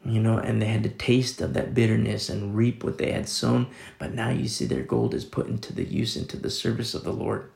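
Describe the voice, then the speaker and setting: A man's voice: fairly low pitch, a little fast, gravelly, hardly any pauses, a little mellow, roomy sound. A man preaching a sermon in a casual, conversational way, reading scripture and explaining it with everyday fillers. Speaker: pastor.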